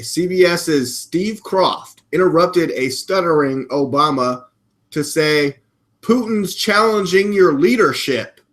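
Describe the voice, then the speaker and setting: A man's voice: a little high, fairly bright tone. A man hosting a casual live talk show, chatty and full of hesitations. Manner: chatty, hesitant with many fillers. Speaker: host.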